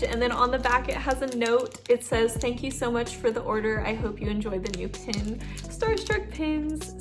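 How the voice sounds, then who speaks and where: Gushing high-voiced woman vlogger. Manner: gushing, excitable, lots of "oh my gosh". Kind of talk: unboxing video chat.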